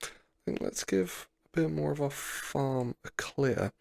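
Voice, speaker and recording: A man rambling through a self-deprecating story in a soft, sleepy gameplay commentary, sometimes dropping to a near-whisper. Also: medium pitch, lively intonation, a little slow, gravelly, no room sound, studio quality. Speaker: gaming channel host.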